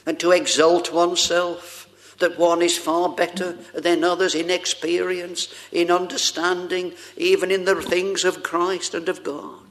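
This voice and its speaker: A man's voice: high voice, flat delivery, unhurried, fairly bright tone. A man preaching a sermon, addressing the congregation with rhetorical questions and old-fashioned scripture wording.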